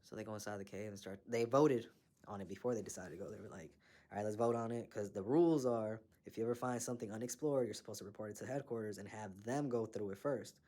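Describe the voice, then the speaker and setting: A man's voice: on the low side, fast, dark tone. A man recapping an anime episode in a casual, slangy, profane way, laughing and acting out the characters as he goes. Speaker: anime reviewer.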